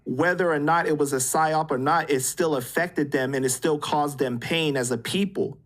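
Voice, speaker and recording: A man's voice: fairly high pitch, moderate pace, fairly bright tone. Male interviewer, hesitant, fills gaps with "you know". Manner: hesitant, many fillers.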